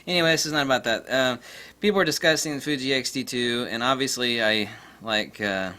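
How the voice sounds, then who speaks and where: Bright, forceful-voiced man for a rambling, cocky vlog rant. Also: mid-range voice, brisk. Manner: rambling, boastful, laughing, many fillers. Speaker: camera vlogger. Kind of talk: casual rant to camera.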